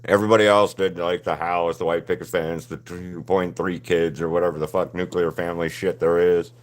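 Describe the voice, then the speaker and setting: A man's voice: deep voice, little pitch movement, brisk. A young adult man chatting casually and rambling, with the odd swear word, as he paints on a livestream. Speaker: artist livestreaming a painting session. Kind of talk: casual chat while painting.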